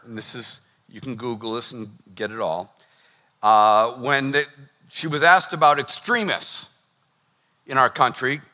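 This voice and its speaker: A middle-aged man preaching a sermon as pastor, lively and acting out the voices he quotes. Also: mid-range voice. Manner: animated, acts out quoted voices.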